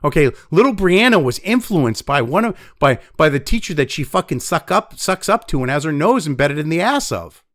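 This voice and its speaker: A man's voice: fairly high pitch, big pitch swings, normal speed, hardly any pauses, no echo, clean studio sound. A man giving angry, heavily profane news commentary, reading news excerpts aloud between blunt rants.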